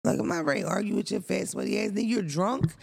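A man co-hosting a casual podcast chat, with a gravelly edge that keeps slipping into fry. He tells stories bluntly and profanely, with animated emphasis. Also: sits high, quick pace. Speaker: podcast co-host.

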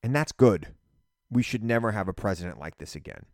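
A man hosting a political podcast, talking in an animated, emphatic solo monologue and repeating phrases for punch. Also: on the low side, fairly quick, dry recording, clean studio sound.

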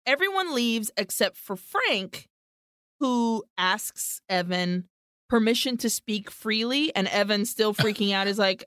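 A woman co-hosting a podcast, casually retelling a film's plot with lively, profane storytelling and Spanish words slipped in. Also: mid-range voice, unhurried, clear, resonant tone, no echo, studio quality. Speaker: podcast co-host. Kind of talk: casual movie recap chat.

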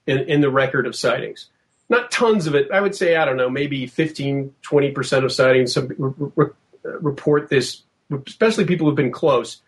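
A man recounting a tense field investigation in casual storytelling, lively and quoting himself, with frequent restarts. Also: medium pitch. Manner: animated, acts out quotes, many restarts.

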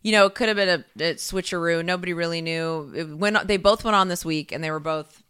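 A woman's voice: lowish voice, fairly even intonation, fast, fairly bright tone, clean tone. A woman co-hosting a casual chat who rambles, swears freely and laughs a lot. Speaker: podcast co-host.

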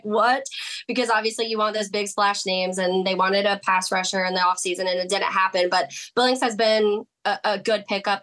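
A woman talking football as a podcast guest in casual chat, chatty and quick, laughing now and then. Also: medium pitch, a bit bright. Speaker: guest sports analyst.

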